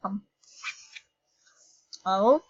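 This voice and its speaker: A woman's voice: drawn-out words, lo-fi sound. A woman giving playful, giggly gameplay commentary as a YouTuber. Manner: playful and giggly, silly jokes. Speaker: gaming YouTuber.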